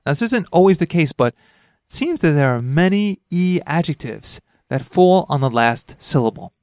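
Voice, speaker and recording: Male lesson host, relaxed and chatty, dry studio read. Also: moderate pace, no room sound. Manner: chatty, laughs easily, explains pitch accent. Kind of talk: casual lesson podcast.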